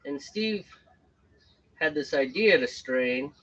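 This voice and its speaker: A man's voice: fairly high pitch, lively intonation, slow pace, fairly bright tone, dull audio. A man co-hosting a homebrew stream, chatting casually and joking while he brews. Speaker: homebrew show co-host. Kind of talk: casual chat while brewing on a live stream.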